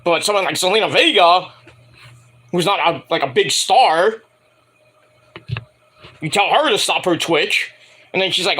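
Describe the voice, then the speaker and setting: A man reviewing a wrestling show in a casual, rambling rant, swearing freely and mocking people in quick put-on voices. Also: high voice, sharp tone, slightly rough.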